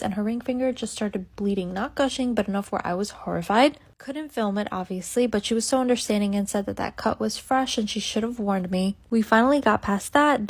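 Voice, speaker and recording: A woman nail technician narrating an appointment in a calm, matter-of-fact voice-over. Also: on the high side.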